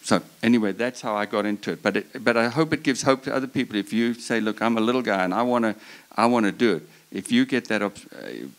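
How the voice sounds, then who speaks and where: A man's voice: fairly low pitch, fast talker. A man speaking on a breeders' panel, telling a long personal story in an earnest, passionate way, often restarting his sentences. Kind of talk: storytelling at a live talk.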